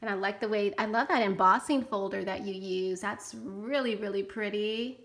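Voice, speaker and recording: A woman hosting a casual crafting vlog, unboxing mail and gushing over handmade cards with lots of excited exclamations. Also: medium pitch, moderate pace. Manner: gushing and enthusiastic, frequent exclamations. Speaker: channel host.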